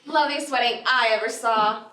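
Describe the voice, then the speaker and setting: A student actress playing a gushing, chattering wedding guest in a school stage play, heard from far off in a noisy, echoey hall. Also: female voice, on the high side, brisk, natural voice.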